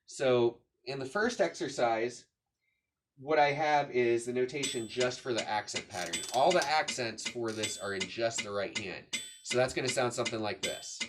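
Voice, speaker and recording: In a room with a drum kit, a man gives a drum lesson, patiently explaining strokes and counting beats aloud as he demonstrates. His casual instruction comes at medium pitch and moderate pace, with background noise.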